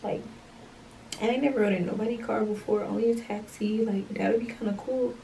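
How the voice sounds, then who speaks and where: A woman's voice: medium pitch, steady tone, a little fast, creaky, warm tone, far from the mic, slight background noise, low-quality recording. A young woman telling a rambling, slangy story to her camera at home at night. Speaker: vlogger. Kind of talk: casual story time.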